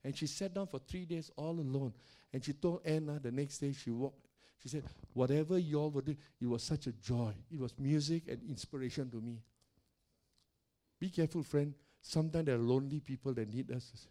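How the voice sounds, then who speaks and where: An older man, a pastor, telling stories in a sermon in a loud, animated way, often laughing and acting out the voices of the people he quotes. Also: mid-range voice, fairly quick. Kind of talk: sermon storytelling.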